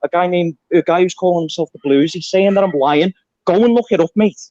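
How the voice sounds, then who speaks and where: A high-voiced man calling into a fan phone-in, ranting and insisting on his facts. The line sounds dull and muffled. The sound is dry. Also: a little fast, warm tone, no room sound. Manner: insistent, ranting, keeps saying mate. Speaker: caller. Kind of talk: heated phone-in rant.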